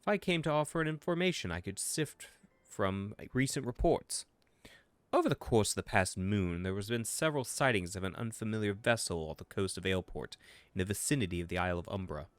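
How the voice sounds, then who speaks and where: A man's voice: on the low side, animated, brisk, smooth, no echo, lightly acted. A man doing a proper English gent commander. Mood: formal.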